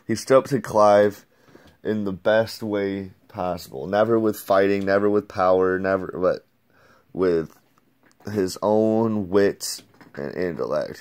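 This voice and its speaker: A man's voice: low-pitched, darkish tone. A man giving a casual, rambling comic book review, laid-back, swearing and saying "dude" a lot.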